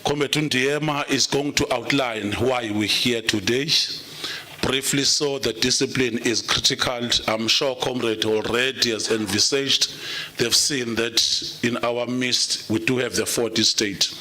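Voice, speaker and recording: Bright-voiced man chairing. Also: mid-range voice, steady tone, a little slow. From South Africa. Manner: mixes English and Zulu, addresses audience as comrade. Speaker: program director. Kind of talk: chairing a political meeting. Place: conference hall.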